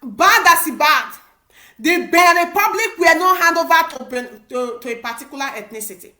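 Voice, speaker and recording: A woman's voice: sits high, expressive, moderate pace, bright, forceful tone. A woman with a Nigerian Pidgin English accent giving impassioned political commentary, emphatic and repetitive with many restarts.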